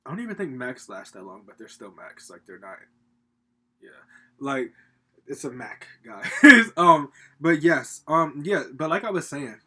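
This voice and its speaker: This is a man at home giving a casual pick-a-card tarot reading. His voice is bright and punchy, with a husky edge to it. He rambles, swears freely and talks straight to his viewers, filling the gaps with fillers. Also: a little high, very animated, a little slow. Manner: rambling with frequent fillers and laughs. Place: home, with a laptop.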